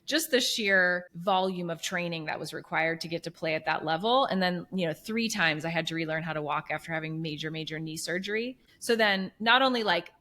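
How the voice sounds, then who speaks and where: Bright-voiced woman telling her story. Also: lowish voice, brisk, hardly any pauses. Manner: earnest and animated, many fillers like "you know" and "like". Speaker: guest, business coach. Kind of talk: conversational interview storytelling.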